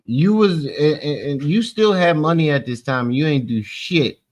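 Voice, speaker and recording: A male commentary host with a raised pitch. He talks bluntly and mocks the clip, interrupting it with sharp remarks. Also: expressive, normal speed. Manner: mocking, blunt. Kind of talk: reaction commentary.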